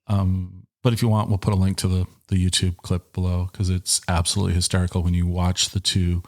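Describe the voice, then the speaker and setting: Man, middle-aged, deep voice, gravelly, casual podcast host, rambling, office studio mic. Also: flat delivery, fairly quick, darkish tone. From Washington State. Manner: rambling, self-interrupting, joking. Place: small office. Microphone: headset and studio microphone.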